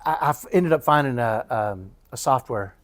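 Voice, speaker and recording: A man co-hosting a podcast, telling a story in casual chat with animated bursts. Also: mid-range voice, moderate pace. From Dallas area, Texas. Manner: animated storyteller, mimics fax beeps. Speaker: podcast co-host.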